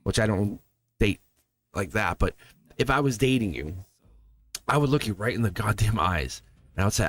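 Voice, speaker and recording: A man's voice: fairly low pitch, lively intonation, moderate pace, long pauses, a bit bright, faint music behind. Rambling, emphatic male tarot reader. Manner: rambling and emphatic, repeating words with frequent laughs. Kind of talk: live-stream tarot reading.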